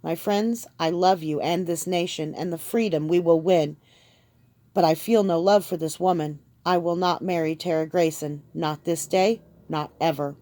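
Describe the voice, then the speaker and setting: A woman's voice: on the low side, steady tone, normal speed, mellow, no room sound, close to an everyday voice. A woman narrator voicing a resolute young king giving a rousing speech to his people. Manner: rousing, speech-making delivery.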